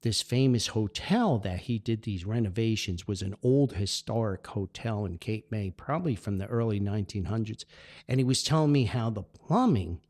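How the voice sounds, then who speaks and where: A man's voice: lowish voice, normal speed, a little mellow. A man with a New Jersey accent hosting a solo podcast, talking with enthusiasm and rambling from point to point. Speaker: podcast host.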